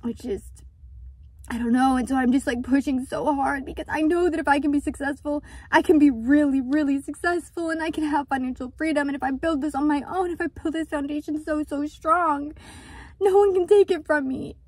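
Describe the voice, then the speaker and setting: Woman, high voice, dry close sound, earnest, vulnerable, confessional vlog. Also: steady tone, fairly quick, a little mellow, dry recording. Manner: earnest, vulnerable, repeats words for emphasis. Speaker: vlogger and small business owner.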